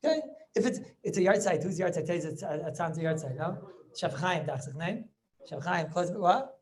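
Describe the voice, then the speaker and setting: A man's voice: a little high, expressive. A man, a rabbi, giving a Talmud lecture over a video call, often restarting his words and checking whether listeners follow. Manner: keeps checking listeners with quick questions; repeats words and restarts as he goes. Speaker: rabbi teaching a class.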